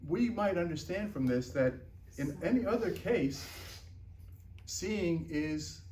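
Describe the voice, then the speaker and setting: A man's voice: high voice, lively intonation, takes it slowly, mellow, a little hiss or hum. Male teacher explaining a text to a class, chatty, asks "right?" a lot, distant mic in a roomy room. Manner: checks in often with "right?" and "okay?"; stumbles and repeats words while thinking aloud. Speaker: Talmud teacher.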